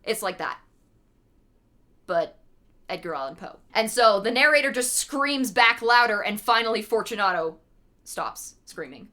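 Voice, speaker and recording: A woman's voice: mid-range voice, animated, measured pace, pauses often, pushed and bright. A young woman streamer reading a classic horror story aloud dramatically, breaking off for casual explanations. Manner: reads dramatically, then explains in casual asides.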